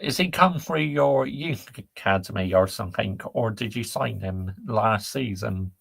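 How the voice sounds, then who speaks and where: A gravelly, husky man, talking bluntly and reacting to chat on a live stream. His voice is close and dry, with no room sound, and his pitch sits in the middle. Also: measured pace, fairly bright tone, no echo. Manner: ranting, blunt, laddish slang. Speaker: football channel host reading live chat.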